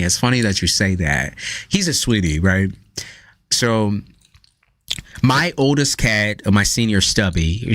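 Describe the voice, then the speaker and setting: A man's voice: on the low side, fairly bright tone, no room sound. Loose, profane storytelling man. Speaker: live stream tarot reader. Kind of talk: casual live stream chat.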